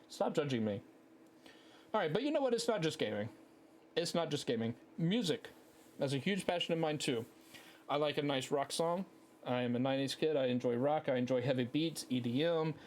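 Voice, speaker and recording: A man's voice: mid-range voice, slight background noise. A man, hosting a casual solo podcast through a headset, telling rambling, profane, self-mocking stories. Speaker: podcast host.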